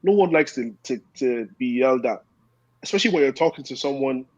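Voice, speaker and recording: Earnest young man, husky lo-fi voice. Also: mid-range voice, expressive, a little fast, no room sound. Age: young adult. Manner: earnest, rambling, acts out quotes. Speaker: guest. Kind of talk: casual chat.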